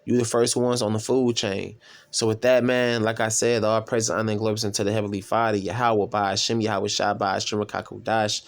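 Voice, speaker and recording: A man casually reading and commenting on scripture as a self-styled preacher, rambling and profane, with drawn-out fillers. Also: lowish voice, little pitch movement.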